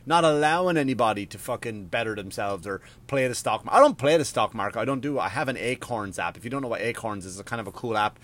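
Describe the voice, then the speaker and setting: A man's voice: mid-range voice, fast talker, hardly any pauses. Guy ranting on his podcast, swears a lot, all over the place. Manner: profane, rambling, animated rant. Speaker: podcast host. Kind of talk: casual ranting monologue.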